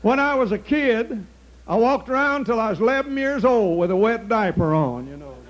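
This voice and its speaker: Older male comic, high-pitched, folksy storyteller who laughs at his own punchlines. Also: animated, moderate pace, lo-fi sound. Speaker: comedian. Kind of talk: stand-up comedy monologue. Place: outdoor stage.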